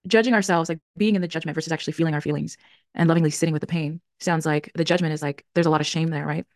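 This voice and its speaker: Fast-talking earnest woman, dry close sound. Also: low voice, steady tone, a little mellow, no room sound. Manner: earnest, reflective, self-correcting. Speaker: podcast host. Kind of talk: solo podcast talk on emotions.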